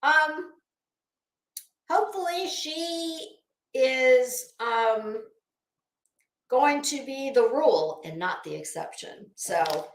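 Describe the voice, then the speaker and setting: A woman's voice: sits high, expressive, very slow, long pauses, echoey room. A woman hosting a casual live commentary stream, chatting with viewers in a gossipy, sarcastic way and laughing often. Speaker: YouTube commentary host.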